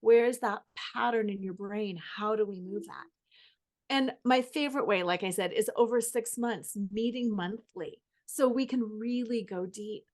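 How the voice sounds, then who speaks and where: A woman author and coach talks as a podcast guest. Her voice is fairly high and her manner is enthusiastic as she fires off lists of questions. The delivery is casual and fluent. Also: unhurried, a little mellow. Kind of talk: casual interview answers.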